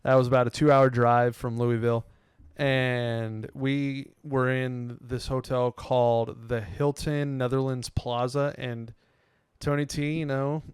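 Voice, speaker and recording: A young man co-hosting a podcast in casual chat, telling stories with lively quoted voices and frequent laughs. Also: smooth, dry recording, clean studio sound. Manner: animated storyteller, acts out quotes with sudden loud pitch jumps, laughs often. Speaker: podcast co-host.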